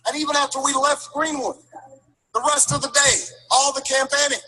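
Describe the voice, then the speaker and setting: A man giving a storytelling speech, building rhythm with repeated phrases and halting restarts. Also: extremely high pitch, flat delivery, pushed and bright, a little hiss or hum, rough recording. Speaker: political speaker.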